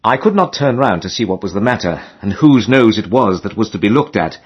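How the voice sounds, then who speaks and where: A man narrating a comic novel in a lively, expressive way with dry humor, in a dull lo-fi recording. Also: fairly low pitch, fairly quick, slightly rough. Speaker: audiobook narrator.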